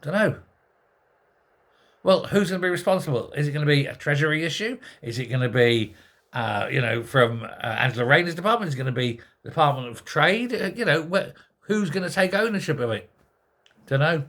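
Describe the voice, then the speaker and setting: A man's voice: on the high side, lively intonation, brisk, a bit bright. Sarcastic man ranting about politics. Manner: sarcastic, exasperated, rhetorical questions. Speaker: political commentary host. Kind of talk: ranting monologue.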